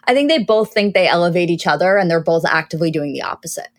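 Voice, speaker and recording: Female co-host, lowish pitch, thoughtful casual talker. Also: animated, quick pace. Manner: thoughtful, talks through opinions at length. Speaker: podcast co-host. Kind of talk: casual chat.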